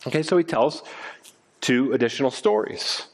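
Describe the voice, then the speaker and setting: A man's voice: mid-range voice, moderate pace, slightly rough. A man preaching a sermon who acts out the crowd's voices and often stumbles and repeats words. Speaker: pastor.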